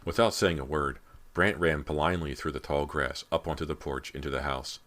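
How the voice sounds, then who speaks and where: Man narrating a spooky teen book, super deep voice, steady pace. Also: normal speed. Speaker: audiobook narrator. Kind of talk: scripted narration.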